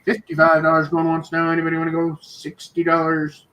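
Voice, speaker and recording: A man's voice: on the high side, monotone, a bit bright. Man calling bids at a live auction. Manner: brisk, repetitive bid-calling with chuckles. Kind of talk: live online auction patter.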